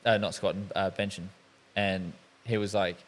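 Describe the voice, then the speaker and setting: Give me a young man hosting a podcast, telling loose, swearing stories in a lowish voice. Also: fairly even intonation, normal speed. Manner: swearing, rambling storyteller. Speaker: podcast host. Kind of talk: casual chat.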